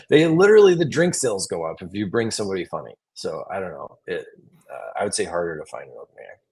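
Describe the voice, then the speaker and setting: A comedian from Wisconsin with a Wisconsin accent, chatting in an interview and telling stories with lots of restarts and laughs. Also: male voice, sits low, slightly rough. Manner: animated storyteller, quick restarts and laughs. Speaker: comedian guest. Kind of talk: casual interview chat.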